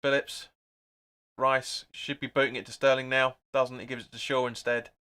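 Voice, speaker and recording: A young man hosts a live football watch-along, narrating each pass and chatting with viewers about the game. His voice is bright and forceful, pitched in a middle range. He gets loud and excited at the near chances. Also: normal speed, smooth.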